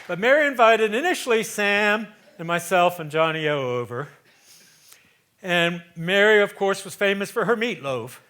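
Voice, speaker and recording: On stage, a man in his seventies performs a theatrical storytelling monologue in a conversational manner, swinging between loud emphasis and hushed asides. His voice sits high, and he's animated at a moderate pace.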